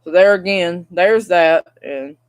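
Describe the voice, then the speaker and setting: A woman's voice: lowish voice, takes it slowly. Frustrated young woman venting. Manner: frustrated, rambling, talks straight to viewers. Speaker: vlogger. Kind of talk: casual vlog rant.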